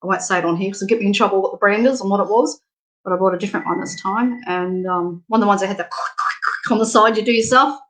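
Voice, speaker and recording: A woman's voice: medium pitch, fast, a bit bright. A middle-aged Australian woman giving a spiritual reading on a live stream, frank and affectionate, laughing often. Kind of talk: casual live-stream chat.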